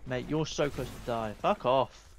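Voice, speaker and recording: A man commentating his gameplay, swearing and yelling angrily at other players. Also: medium pitch, normal speed, vocal fry, noisy background. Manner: shouting in frustration. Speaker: gaming YouTuber.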